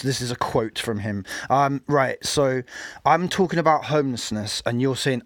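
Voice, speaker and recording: A man's voice: medium pitch, normal speed, no room sound. A man giving scornful, mocking commentary over a recorded street debate.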